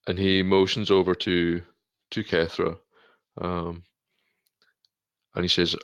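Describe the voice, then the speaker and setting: Deep, flat-voiced man on a dull mic. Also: slow, long pauses, clear, resonant tone, dry recording. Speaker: player. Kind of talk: tabletop game play.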